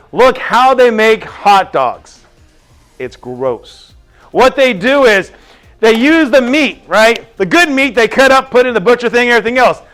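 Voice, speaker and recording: An animated male teacher speaks in a high voice that swoops up and down, telling stories and peppering the class with quick questions. Faint music sits behind him. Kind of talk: classroom lecture.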